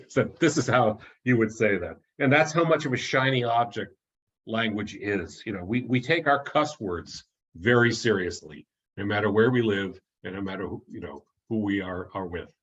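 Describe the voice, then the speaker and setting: A man's voice: fairly low pitch, normal speed, a bit bright, breathy edge, highs cut off. A man giving an online talk as an author, telling anecdotes in a chatty way, often restarting and chuckling at his own stories.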